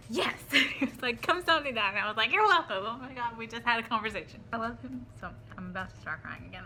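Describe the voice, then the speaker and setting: A young woman vlogging in a casual chat, talking excitedly as a fan and often dropping to soft murmurs. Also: mid-range voice, slight background noise.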